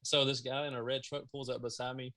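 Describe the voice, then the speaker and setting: A man from Mississippi with a Southern accent, a podcast guest telling stories in an animated, casual way over a video call. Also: mid-range voice, fast. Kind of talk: casual storytelling.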